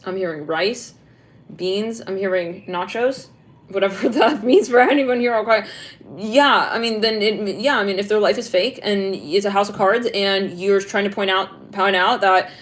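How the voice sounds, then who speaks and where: A woman giving a casual intuitive tarot reading. She rambles in a chatty way, swears freely, laughs often, and argues with the messages she says she is hearing. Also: mid-range voice. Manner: breaks into laughter, talks back to the messages she hears. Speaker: tarot reader.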